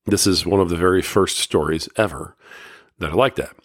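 A man's voice: sits low, normal speed, breathy edge, no echo, clean studio sound. A man hosting a podcast, retelling an old story in a loose, conversational way with lots of fillers. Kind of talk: casual talk retelling a Bible story.

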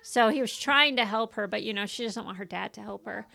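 A woman casually telling a story about her daughter, animated and often laughing. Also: medium pitch, brisk, vocal fry. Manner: animated, laughing, acts out quotes.

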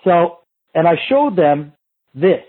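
Husky man telling a profane story. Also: fairly high pitch, takes it slowly, phone-quality sound. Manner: animated and profane, acts out what others said. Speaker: strength and movement coach. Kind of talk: casual storytelling.

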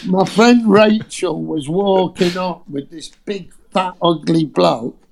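A man's voice: high-pitched, slow, vocal fry, a crowd in the background. A British man telling casual, foul-mouthed anecdotes as a guest. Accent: British English. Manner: swears freely, lively storyteller.

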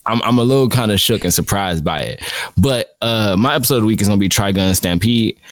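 A man's voice: on the low side, quick pace, dry recording, clean studio sound. A young man co-hosting a casual podcast, talking in slangy, repetitive bursts with some stammering. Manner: slangy, repeats himself, stammers. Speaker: podcast co-host. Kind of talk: casual chat. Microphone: held too far from mouth.

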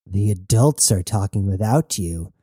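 A man's voice: on the low side, animated, a little slow, dark tone, slightly rough, no room sound, studio quality, voice pushed down. A man voicing a brash, mocking female crew boss in an audiobook reading. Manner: taunting, teasing.

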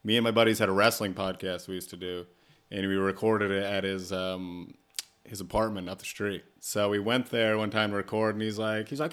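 A young man with a flat, deadpan voice, a comedian telling stories and swearing in casual chat. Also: lowish voice, a little fast, clear, resonant tone. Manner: swearing, animated storytelling. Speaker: podcast host and comedian.

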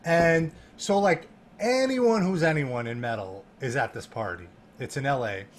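A man telling a story in a casual chat, animated and laughing, full of fillers and restarts. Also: medium pitch, measured pace. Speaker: guest.

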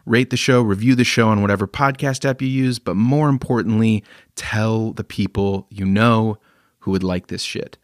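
Chill podcast host guy, kinda low voice, dry sound, swears casually. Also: fairly even intonation, normal speed, no echo. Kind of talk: casual chat.

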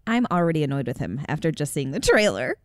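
A woman's voice: low-pitched, very animated, quick pace, dry recording, clean studio sound. A woman co-hosting a casual chat, teasing and blunt. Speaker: podcast co-host.

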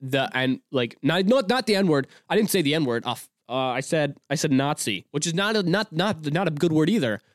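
A man's voice: on the high side, lively intonation, a little fast, few pauses, no echo, studio quality. A man in his twenties hosting a solo podcast, talking casually in a rambling way with many restarts and fillers. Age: 20s. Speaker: podcast host.

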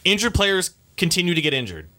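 A man cohosting a sports podcast, blunt and quick to contradict. His voice is bright and tense, with a lively, swinging pitch. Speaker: podcast co-host. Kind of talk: casual sports chat.

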